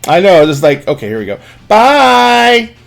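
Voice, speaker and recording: A man's voice: fairly high pitch, expressive, fast, a little mellow, faint music behind. A man hosting a live stream, wrapping up with an upbeat, rambling sign-off full of fillers. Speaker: stream host.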